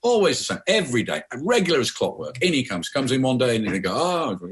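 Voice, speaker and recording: A middle-aged man from Birmingham, a guest author speaking in an animated, conversational interview. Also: mid-range voice, fast talker, breathy edge. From Birmingham, England. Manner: animated storyteller, repeats words.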